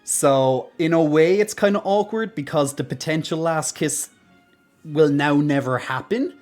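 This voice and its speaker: A woman's voice: sits low, unhurried, a little mellow, soft background music. A woman streamer chatting casually on a game livestream, giggly and rambling.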